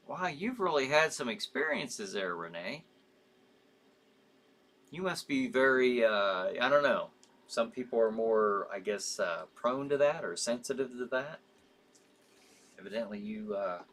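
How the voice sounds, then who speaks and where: A man's voice: mid-range voice, expressive, fairly bright tone. Man, live show host, casual chat, reads viewer comments, rambling, sympathetic, laughs easily. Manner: rambling, sympathetic, quick to laugh, many fillers and restarts.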